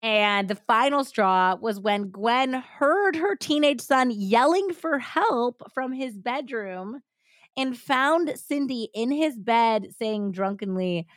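A woman's voice: on the high side, animated, slow, no room sound, studio quality. A young woman hosting a podcast, telling a story casually with lots of "like.". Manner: chatty, frequent "like" fillers. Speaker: podcast host.

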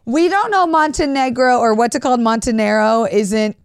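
Smooth-voiced woman, playful podcast chat. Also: fairly high pitch, moderate pace, no echo, clean studio sound. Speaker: podcast co-host. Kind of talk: casual chat.

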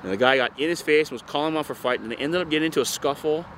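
A man's voice: a little high, racing, a little hiss or hum. A man from Hawaii's North Shore, telling a surf story in a casual interview, rambling and full of swearing. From North Shore of Oahu, Hawaii. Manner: profane, rambling, animated retelling. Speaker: interviewee, surfer.

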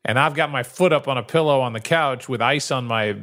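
A man's voice: medium pitch, brisk, a bit bright. Rambling middle-aged man telling stories. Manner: rambling storyteller, acts out quotes. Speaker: podcast co-host. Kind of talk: casual chat.

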